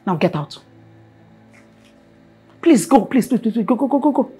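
A woman's voice: on the high side, animated, unhurried, dark tone, soft background music. A domineering Nigerian mother. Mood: furious. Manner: commanding, scornful, repeats herself. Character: proud domineering mother, scolding her former ward. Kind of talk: film acting.

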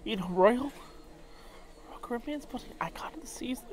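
A man's voice: very high voice, lively intonation, moderate pace. A drunk man vlogging aboard a cruise ship, rambling emotionally and swearing often. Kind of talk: casual vlog monologue.

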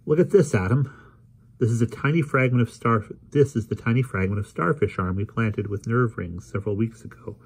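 Storybook: man playing a brisk, keen middle-aged lab scientist, a touch higher than his low voice. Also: husky. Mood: eager.

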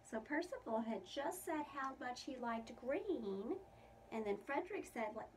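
A woman's voice: high voice, lively intonation, unhurried. A woman preschool teacher reading a picture book aloud to young children, asking them questions about the pictures. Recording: distant mic with faint room noise.

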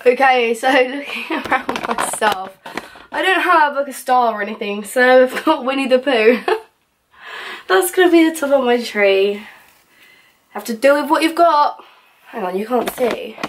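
A young woman chatting away to her handheld camera in a small bedroom, a touch out of breath. Her voice sits slightly high, and she rattles along quickly in a loose, rambling vlog manner. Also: lively intonation, a little hiss or hum. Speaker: vlogger. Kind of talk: casual vlog chat.

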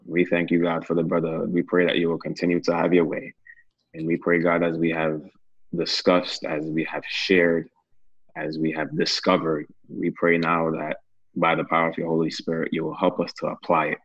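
Low flat husky guy praying earnestly at bible study, dry muffled sound. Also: normal speed, no echo. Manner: earnest, praying with repeated phrases. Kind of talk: casual Bible study chat and closing prayer.

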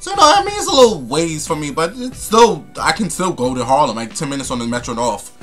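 A man's voice: fairly high pitch, big pitch swings, fast, over music. A young man, ranting to camera in a sassy, profane, emphatic way. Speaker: vlogger. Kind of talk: casual rant to camera.

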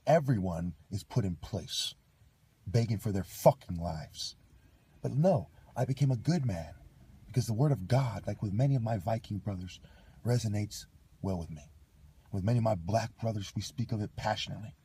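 A man delivering a rambling, combative monologue, swinging between loud outbursts and low muttering, preachy and full of profanity. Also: animated, normal speed, slightly rough. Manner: heavy profanity, slangy. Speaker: vlogger.

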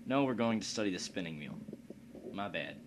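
A man's voice: sits low, brisk. A man giving casual commentary over a strategy game, talking to himself with crude, profane jokes and asides. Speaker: let's play commentator. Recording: steady background noise.

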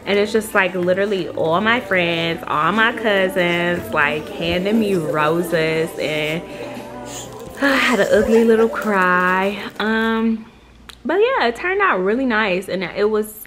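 A woman's voice: mid-range voice, animated, takes it slowly, over music. Young woman, casual storytime vlog, chatty, swears freely, acts out quotes, from Michigan. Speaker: vlogger.

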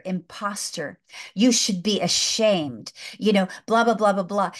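A woman guest tells a film story with mounting excitement, turning each scene into a spiritual lesson. She talks emphatically, doubles back on her words and punches key phrases. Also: medium pitch. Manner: excited, emphatic, repeats herself. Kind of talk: animated storytelling in a faith talk.

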